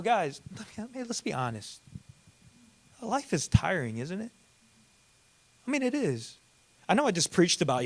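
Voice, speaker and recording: A man in his thirties preaching a sermon as pastor, talking casually with slang, fillers and many restarts. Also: on the high side.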